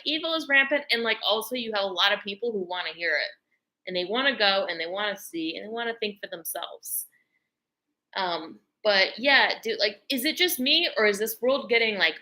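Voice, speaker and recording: A woman's voice: fairly high pitch, pushed and bright, rough recording. A woman vlogger talking straight to camera in a casual, rambling rant, emphatic and heavy on filler words. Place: lives in Texas, speaking to camera.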